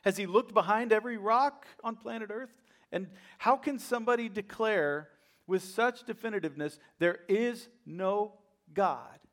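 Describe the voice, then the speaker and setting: A middle-aged American pastor preaching a sermon, swinging from loud rhetorical questions down to quiet asides. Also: male voice, sits high, normal speed.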